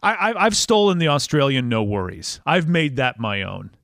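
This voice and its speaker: Male podcast host, jokey, bright upper voice, dry sound. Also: a little high, sing-song, normal speed, vocal fry, no echo. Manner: playful, jokey, voice leaping up and down. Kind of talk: casual interview chat.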